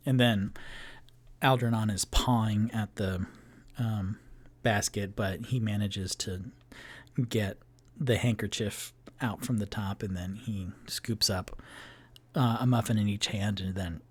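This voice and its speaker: A man narrating as game master of a solo tabletop game, describing scenes in an unhurried way with many fillers. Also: fairly low pitch, fairly even intonation, slightly rough.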